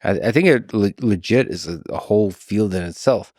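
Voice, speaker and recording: A man hosting a podcast interview, soft-spoken and asking questions. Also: on the low side, moderate pace, dry recording, studio quality. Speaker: podcast host.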